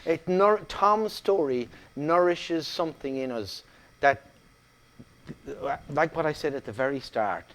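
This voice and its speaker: A man's voice: a little high, measured pace. A middle-aged Irish man, a guest actor, telling stories in a casual interview chat. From Ireland. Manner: animated storyteller, many restarts.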